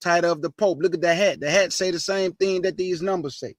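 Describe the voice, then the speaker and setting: This online show host and preacher speaks a little fast in a strikingly high voice with fairly even intonation, yet stays fired up and emphatic. Casual and slangy, he repeats points, fires off rhetorical questions and refers to listeners as family. The audio is dry without room echo.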